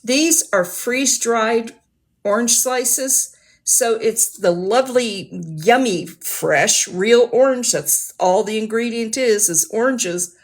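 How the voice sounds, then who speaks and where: A woman's voice: fairly high pitch, slow. Rambling, chatty woman livestreamer. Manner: rambling, chatty, laughs often. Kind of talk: casual livestream chat.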